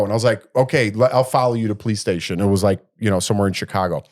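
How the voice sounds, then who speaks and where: A middle-aged man rambles through a story on a casual podcast, his voice at an ordinary middle pitch. He leaps higher and louder whenever he acts out what someone said, then drops back to an easy conversational tone. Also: quick pace, few pauses. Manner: animated, acts out quotes in a raised voice. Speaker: podcast co-host.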